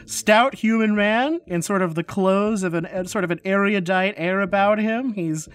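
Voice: medium pitch, normal speed. A game master narrating a tabletop game casually, laughing often and using filler words.

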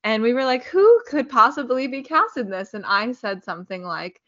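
Bright-voiced woman co-hosting a podcast. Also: a little high, expressive, normal speed, muffled recording. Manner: chatty, trails off and restarts. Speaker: podcast co-host. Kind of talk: casual chat.

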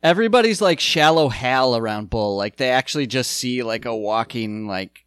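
A man co-hosting a casual podcast chat about a sitcom episode, animated and quoting the characters as he goes. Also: medium pitch, moderate pace, smooth, dry recording, clean studio sound. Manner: animated, quotes characters, restarts often. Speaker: podcast co-host.

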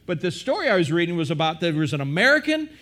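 A man's voice: fairly high pitch, sing-song, quick pace, a bit bright. A man preaching a sermon, questioning the audience often and restarting his sentences.

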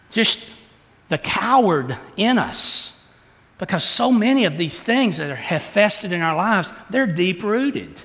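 A man preaching a sermon, asking the congregation rhetorical questions and acting out quotes with animated delivery. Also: sits high, creaky, long reverb tail. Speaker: pastor.

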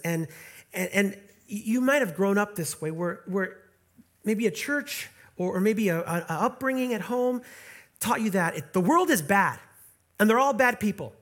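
Earnest high-voiced male preacher. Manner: earnest, repeats and restarts words, slows for scripture. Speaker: pastor. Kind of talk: sermon.

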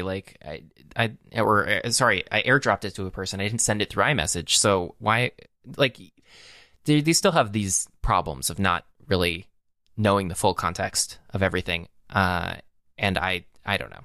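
A man's voice: fairly low pitch, steady tone, moderate pace, sharp tone, smooth, no room sound, studio quality. A man co-hosting a podcast, chatting casually about tech, rambling with many fillers and restarts. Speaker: podcast co-host.

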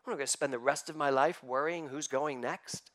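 A man's voice: mid-range voice, brisk, fairly bright tone. A man giving a spiritual sermon, emphatic and building to fervent passages, acting out inner voices in quotes. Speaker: spiritual teacher.

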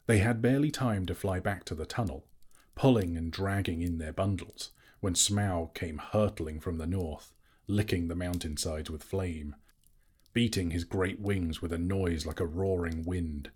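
A man narrating a fantasy story aloud in a slow, measured, dramatic reading. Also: deep voice, darkish tone, breathy edge. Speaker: audiobook narrator.

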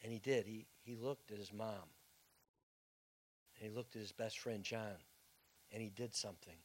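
A male pastor preaching a sermon as dramatic storytelling, swinging from loud bursts to hushed tones. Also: on the low side, steady tone, moderate pace.

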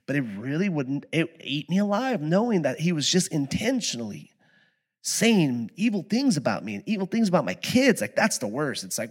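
A middle-aged man preaching a conversational sermon, moving between quiet reflection and loud, animated storytelling. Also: a little high, fairly quick. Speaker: pastor.

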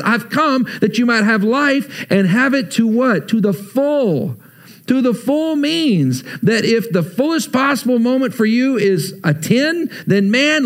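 A man in his thirties preaching a sermon, talking to the congregation like a friend, shifting between loud urging and quiet, heavy stretches. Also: extremely high pitch. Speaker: pastor.

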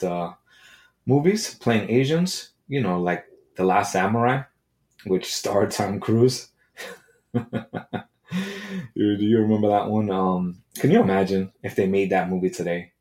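A man hosting his own podcast in a casual, irreverent monologue, joking and swearing with quick asides. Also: low-pitched. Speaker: podcast host.

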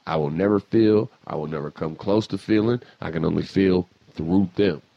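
A man's voice: low-pitched, normal speed, vocal fry, no room sound. A man hosting a casual chat, talking bluntly and emphatically with lots of swearing. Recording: slightly dull lo-fi sound.

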